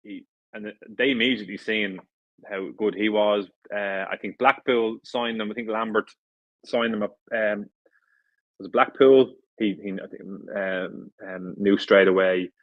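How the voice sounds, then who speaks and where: A man's voice: fairly low pitch, fairly even intonation, measured pace, no room sound, dull audio. A middle-aged Irish man, a former footballer, telling stories in a casual interview, rambling with many restarts and fillers. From Ireland. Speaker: former footballer, podcast guest.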